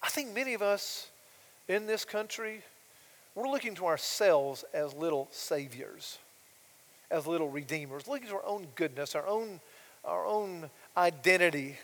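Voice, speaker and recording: Male pastor, high voice, shifts between loud emphatic lines and soft quiet asides; large reverberant sanctuary. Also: expressive, measured pace. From United States. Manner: swings from loud emphatic declarations to soft quiet asides, asks rhetorical questions. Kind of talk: sermon. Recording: long reverb of a large hall.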